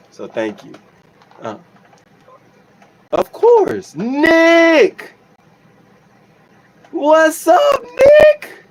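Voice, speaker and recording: Young male musician hosting a casual stream, slightly high-pitched, earnest and thankful, reads chat aloud. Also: low-quality recording. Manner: reads chat aloud, grateful and emotional, many restarts. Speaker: livestream host and musician.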